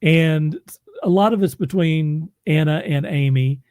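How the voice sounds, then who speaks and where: A man's voice: fairly high pitch, a little slow, darkish tone, no room sound, studio quality. A man who narrates audiobooks, chatting casually as host, laughing often and restarting his sentences. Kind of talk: casual chat.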